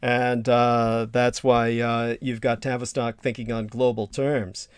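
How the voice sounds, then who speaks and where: A man hosts a casual livestream conversation and talks in a wordy, deliberate way, pausing on fillers. His voice sits at a medium pitch. The sound is dry and close with no room echo. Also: level tone, clear, resonant tone. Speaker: host.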